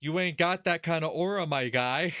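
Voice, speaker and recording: A man hosting a let's play, giving casual gaming commentary in an animated, profane way, laughing often and talking straight to the character. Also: on the high side, moderate pace, clear, resonant tone, no echo, studio quality.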